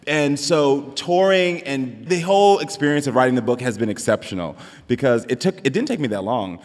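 A man's voice: mid-range voice, lively intonation, brisk. Brief: male guest author, effusive and sincere, live on stage in a big hall. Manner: earnest, emotional, effusive. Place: large hall with live audience. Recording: live hall reverb, audience.

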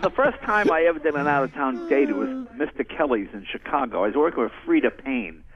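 A man's voice: medium pitch, fast, lo-fi sound. An older man, a guest comedian, telling anecdotes in casual chat and acting out the people in them. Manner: animated, acts out voices in anecdotes. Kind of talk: casual storytelling.

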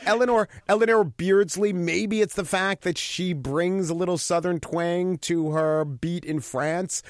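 A middle-aged man with a New York accent, a radio host answering interview questions in a talkative, opinionated way with quick asides. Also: fairly high pitch, dry recording, studio quality. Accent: New York area. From New York–New Jersey area. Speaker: radio show host, guest.

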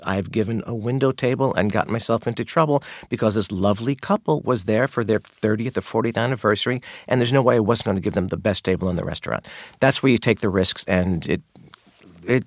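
A man's voice: lowish voice, no room sound. A man guest on a radio interview, a maitre d' who tells candid stories from the dining room and acts out exchanges with customers.

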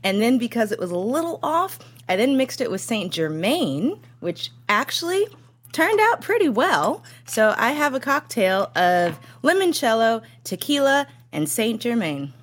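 A woman's voice: fairly high pitch, sing-song, measured pace. Laughing woman co-hosting a podcast. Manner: upbeat, laughs often. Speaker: podcast co-host. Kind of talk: casual chat.

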